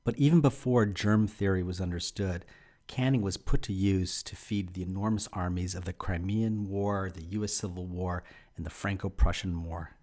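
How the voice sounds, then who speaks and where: A man narrating a recorded lecture in a measured, explanatory way. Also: sits low, fairly even intonation, dark tone. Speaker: instructor.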